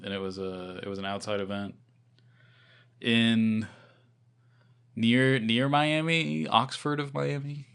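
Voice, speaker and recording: A man co-hosting a podcast in casual chat, rambling and self-deprecating, often trailing off softly. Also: mid-range voice, steady tone, slow pace, long pauses, clean tone. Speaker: podcast co-host.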